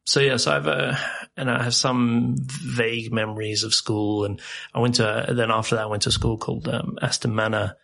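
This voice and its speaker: A man's voice: mid-range voice, level tone, normal speed, vocal fry, few pauses, a bit bright. A man from South Africa, a podcast guest telling rambling, joking stories in a casual interview and laughing often.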